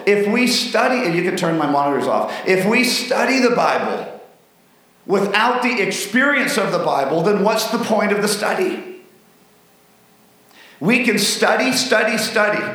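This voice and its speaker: A man's voice: sits high, a bit bright, recorded from a distance. A man preaching a sermon, a folksy pastor who tells jokes. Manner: folksy, joking storyteller. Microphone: mic on a stand, then handheld. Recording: echoey hall.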